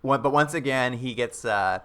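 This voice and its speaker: A man's voice: medium pitch, normal speed, a bit bright, clean tone. A man casually recapping a TV episode with a co-host, rambling and joking, acting out quotes in playful voices. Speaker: podcast co-host.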